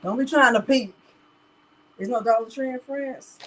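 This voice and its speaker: A woman's voice: high-pitched, moderate pace, rough recording. Chatty woman hosting a craft livestream. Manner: chatty, talks straight to viewers as "y'all", laughs often. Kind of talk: casual live tutorial chat.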